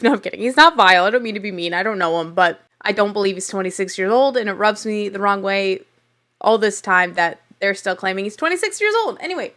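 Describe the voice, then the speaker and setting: Bright-voiced chatty woman recapping TV. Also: mid-range voice. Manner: chatty, candid, laughs often. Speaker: podcast host. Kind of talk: casual TV recap.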